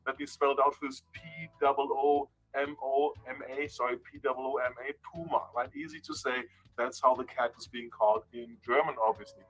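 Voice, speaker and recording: A man presenting a playful segment on pronouncing brand and place names, teasing and animated. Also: medium pitch, rough recording. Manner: animated, teasing, repeats words to correct pronunciation. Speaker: industry analyst presenting a segment. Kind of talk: playful explanatory monologue.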